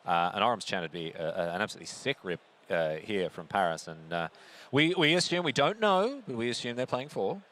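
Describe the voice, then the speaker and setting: A man doing live play-by-play commentary on a card game, conversational and lively, often turning to his co-host with questions. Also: lowish voice, a little fast, hardly any pauses.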